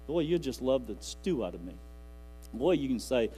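A man's voice: mid-range voice, sing-song, moderate pace, mellow, poor audio. Man preaching, folksy and rambling, faint music and hum behind. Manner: folksy, rambling, quotes scripture aloud. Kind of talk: sermon.

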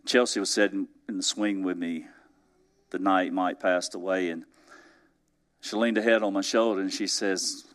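Male pastor, lowish voice, folksy storytelling sermon, chuckles often, drops to near-hush for emphasis. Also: fairly even intonation, normal speed. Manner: conversational, swinging between emphatic rises and soft, hushed drops; chuckles through his stories.

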